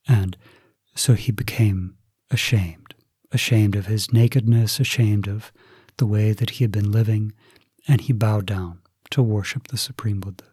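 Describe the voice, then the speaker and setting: Male Buddhist preacher, slow, deliberate storyteller, husky, dry close sound. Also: lowish voice, mellow, dry recording. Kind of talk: sermon storytelling.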